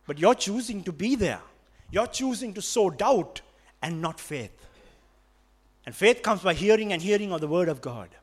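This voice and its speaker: A man's voice: high-pitched, lively intonation, moderate pace, husky. A man with a Sri Lankan accent preaching a sermon, emphatic and repetitive, switching between English and Sinhala.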